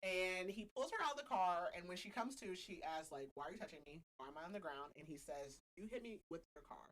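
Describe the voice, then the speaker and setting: A woman's voice: lowish voice, expressive, fast. A woman hosting a podcast, casually recapping a book's plot with a chatty, laughing manner and lots of filler words. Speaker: podcast host. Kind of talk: casual book recap chat.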